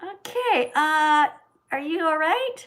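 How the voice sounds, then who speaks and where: A woman hosting a live stream, reading donations aloud and lecturing slowly and bluntly. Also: high-pitched, lively intonation, fairly bright tone. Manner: blunt, scolding; slow, emphatic lecturing. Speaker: livestream host reading donations.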